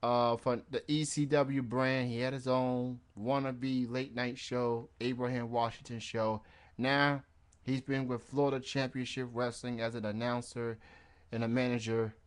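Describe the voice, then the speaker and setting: A man's voice: mid-range voice, level tone, a little slow, smooth. A man hosting a wrestling radio show in casual chat, rambling and laughing at his own jokes.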